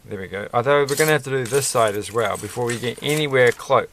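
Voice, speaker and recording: A man's voice: medium pitch, fast talker, a bit bright, a little hiss or hum. A man chatting casually while building a Lego set, rambling and musing with a self-deprecating manner.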